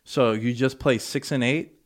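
A man's voice: medium pitch, fairly even intonation, a little slow. Laid-back young man telling stories. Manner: storytelling, laid-back slang. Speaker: podcast host. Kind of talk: casual chat.

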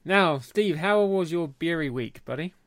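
A man's voice: fairly high pitch, expressive, measured pace, dry recording, clean studio sound. Jokey man hosting a beer podcast. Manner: jokey, teasing banter. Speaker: podcast host. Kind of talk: casual chat.

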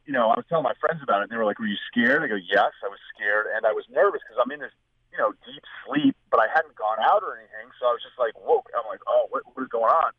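It's a casual, rambling anecdote from a male guest who acts out people's lines, speaking expressively at a quick pace in a medium-pitched voice. The dry recording sounds tinny, like a phone line.

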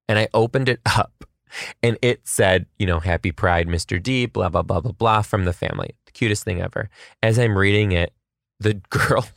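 A man, a schoolteacher, hosting a comedic solo podcast with quick asides and rhetorical questions. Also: lowish voice, gravelly, fairly bright tone, no room sound, studio quality.

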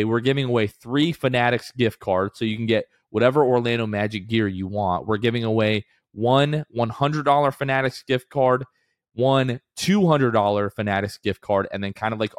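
A man's voice: on the low side, no echo, studio quality. A man co-hosting a casual sports podcast, talking in an upbeat, rambling way with many fillers. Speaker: podcast co-host.

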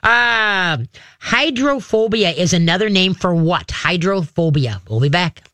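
A woman's voice: fairly low pitch, lively intonation, unhurried, fairly bright tone, dry recording. Woman, radio host, folksy and rambling, close dry studio mic. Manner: rambling, folksy, acts out dogs' voices. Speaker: radio show host and dog trainer. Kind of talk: casual call-in radio talk.

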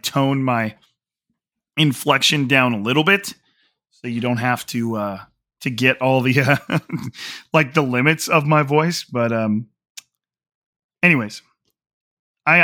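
A man hosts a casual podcast with a hoarse, strained voice. His tone is bright and forceful even as he rambles through restarts and fillers. The recording is close and dry, with no room sound. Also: medium pitch, no room sound. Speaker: podcast host. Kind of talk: casual solo podcast talk.

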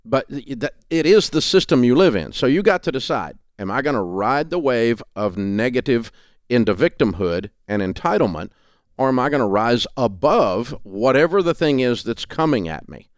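A man's voice: mid-range voice, big pitch swings, normal speed, no room sound, studio quality. A middle-aged man with a Tennessee Southern accent, talking in a folksy, emphatic way as an interview guest. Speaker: guest, radio talk host. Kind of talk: remote interview conversation. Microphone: remote call setup.

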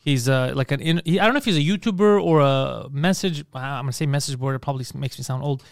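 A man's voice: mid-range voice, quick pace, creaky, no room sound, clean studio sound. A man on a podcast, telling a long, crude story in casual banter, laughing often and acting out the people he quotes. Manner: rambling storyteller, laughs a lot, acts out quotes in raised voices.

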